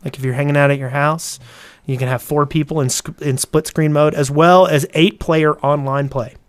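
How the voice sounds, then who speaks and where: Podcast co-host, man, higher pitch, newsy, stumbles and laughs, dry close mic. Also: steady tone, moderate pace, no echo. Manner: laughs often, stumbles and repeats words. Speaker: podcast co-host reading news. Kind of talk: casual podcast chat.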